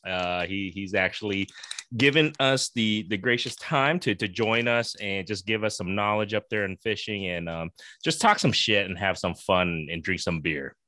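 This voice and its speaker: A man from the United States hosting a podcast, upbeat and quick to laugh, with lots of "uh" fillers. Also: fairly low pitch, sharp tone, dry recording. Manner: upbeat, laughs often, fills with "uh". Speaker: podcast host. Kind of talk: casual chat.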